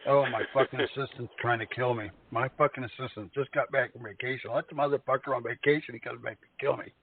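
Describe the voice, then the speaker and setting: A man's voice: medium pitch, fairly even intonation, fast, vocal fry. A man calling in to a talk show, telling rambling, profane stories in crude banter. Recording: tinny phone line with faint noise.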